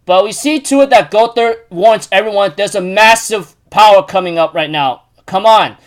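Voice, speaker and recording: A man's voice: sits high, normal speed. Rambling man recapping a manga chapter. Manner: rambling, many fillers and restarts.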